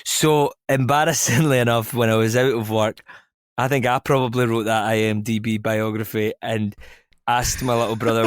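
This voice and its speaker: Guest: man, young adult, mid-pitched, dry close sound, rambling and self-mocking. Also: level tone, normal speed, clean tone, no room sound. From Scotland. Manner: self-deprecating, laughs often, rambling asides. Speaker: actor guest. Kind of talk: casual interview chat.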